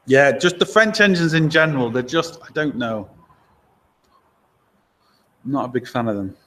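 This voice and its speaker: Guy, mechanic doing a chatty live q&a, laid back, laughs a lot, blunt about cars, middle pitch. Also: lively intonation, moderate pace, fairly bright tone. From Lincoln, England. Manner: chatty and easygoing, laughs often, blunt opinions. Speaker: garage owner and mechanic. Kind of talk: casual live stream Q&A, reading viewer comments.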